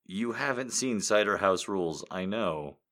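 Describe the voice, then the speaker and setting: A man chatting casually and rambling to his audience, joking, swearing and laughing a lot, and saying he is high. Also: lively intonation, measured pace, fairly bright tone. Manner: joking, profane, laughs often. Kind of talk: rambling casual chat with impressions.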